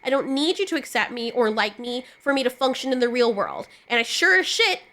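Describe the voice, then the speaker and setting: A woman's voice: a little high, very animated, fairly quick, bright, forceful tone. A woman YouTube commentator in a casual opinion rant, blunt and sarcastic, swearing freely.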